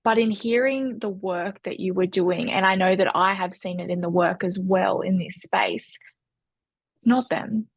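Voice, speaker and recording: Husky woman, dry close sound. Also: mid-range voice, dry recording. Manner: thoughtful, measured questioning. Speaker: podcast host. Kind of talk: interview questions.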